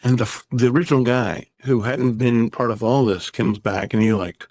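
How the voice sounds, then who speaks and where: A man's voice: mid-range voice, fairly even intonation, moderate pace, a little mellow, no room sound. A man in his thirties, a gaming YouTuber, ranting in a casual vlog, rambling, exasperated and sarcastic.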